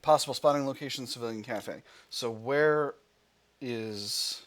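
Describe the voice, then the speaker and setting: A man's voice: medium pitch, measured pace, fairly bright tone. A man hosting a let's play, reading the game's text aloud and thinking aloud about his choices, with frequent restarts. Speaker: gaming channel host.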